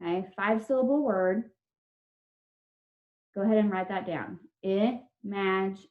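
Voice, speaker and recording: A woman's voice: medium pitch, measured pace. Patient woman teaching spelling online. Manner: patient, step-by-step, spelling out sounds. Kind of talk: online spelling lesson for children. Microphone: video call. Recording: dull lo-fi video call audio.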